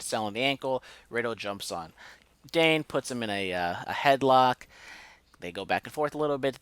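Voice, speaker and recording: Bright-voiced man recapping wrestling. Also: mid-range voice, smooth, no echo. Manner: animated, joking, rants with mock outrage. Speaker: podcast co-host. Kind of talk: casual wrestling recap chat.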